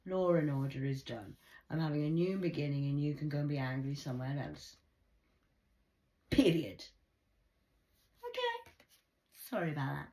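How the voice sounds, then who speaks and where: Low-voiced scolding woman. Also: quick pace, dark tone. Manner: scolding, theatrical, sudden pitch jumps. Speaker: spiritual card reader. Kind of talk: rambling spiritual monologue.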